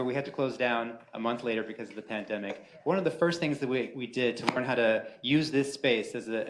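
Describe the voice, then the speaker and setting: Earnest man welcoming guests to a bookstore. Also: mid-range voice. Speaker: bookstore organizer giving welcome. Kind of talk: welcome speech at community event. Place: bookstore event space. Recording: echoey room with faint noise.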